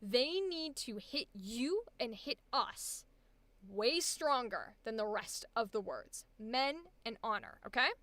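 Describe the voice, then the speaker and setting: A young woman leading a live voice acting coaching session, chatty and encouraging and quick to laugh. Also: fairly high pitch, big pitch swings, pushed and bright, dry recording.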